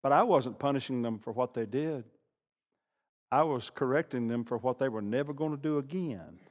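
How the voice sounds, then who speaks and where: An older man preaching a sermon, animated, swinging from loud bursts to hushed asides. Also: mid-range voice, normal speed. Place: church sanctuary. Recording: long reverb of a large hall.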